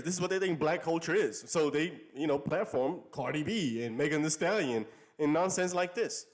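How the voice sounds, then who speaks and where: A man's voice: a little high, lively intonation, normal speed. A male channel host talks through his opinions in a casual commentary style. He is emphatic and tends to repeat phrases as he builds an argument.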